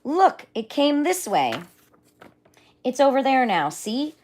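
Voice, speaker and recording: A woman's voice: sits high, sing-song, slow, a little mellow, voice pushed up, full character voice. A woman voicing a crowd of furious wild jungle animals in a children's storybook reading.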